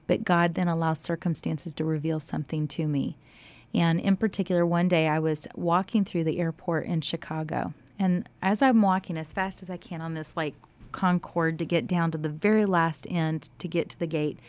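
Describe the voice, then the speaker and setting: A woman telling a faith story in a casual, animated way, acting out quoted dialogue and dropping to near-whispers at times. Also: low-pitched, moderate pace.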